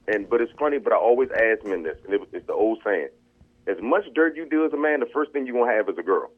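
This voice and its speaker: A man's voice: fairly low pitch, lively intonation, fast talker. A man calling in to a casual talk show, speaking candidly and repeating words as he gathers his thoughts. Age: older. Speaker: caller. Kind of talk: casual chat. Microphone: phone. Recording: tinny phone line.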